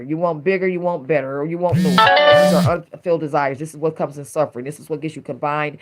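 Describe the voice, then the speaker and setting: A middle-aged tarot reader giving a casual, emphatic reading to viewers, full of rhyming catchphrases. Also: mid-range voice.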